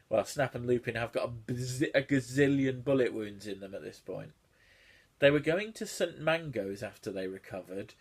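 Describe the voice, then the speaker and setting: Male YouTuber, husky mid-pitched voice, sarcastic comic read-through. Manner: sardonic, swearing, laughing asides. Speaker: YouTuber reviewing fan fiction. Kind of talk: comedic read-through commentary.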